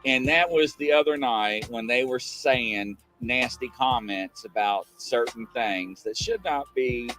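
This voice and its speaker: A man hosting a live show, telling stories in a rambling, animated way. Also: mid-range voice, unhurried, few pauses, soft background music. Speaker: livestream show host. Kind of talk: casual live-show chat.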